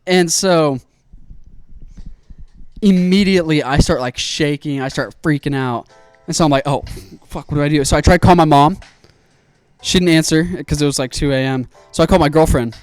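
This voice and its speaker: A young man with a fairly high voice tells a story in an animated, profane way, acting out his own panic. He talks casually, like a streamer chatting with his viewers. A soft lo-fi beat plays faintly behind him. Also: normal speed, pauses often, clear, resonant tone, no echo. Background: faint lo-fi music.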